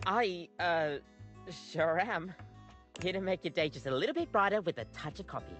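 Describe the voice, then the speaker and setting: Brief: an awkward, chirpy Australian coffee-machine barista, pitched a touch low but bouncing all over, for a game. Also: female voice, expressive, moderate pace, fairly bright tone, faint music behind. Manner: bubbly, a bit awkward.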